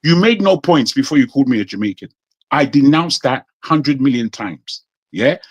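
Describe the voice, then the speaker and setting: A man's voice: mid-range voice, expressive, normal speed, no echo, highs cut off. A man from Nigeria with a British accent, speaking insistently as a guest in a heated debate. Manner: indignant, insistent, repeats for emphasis. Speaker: panel guest.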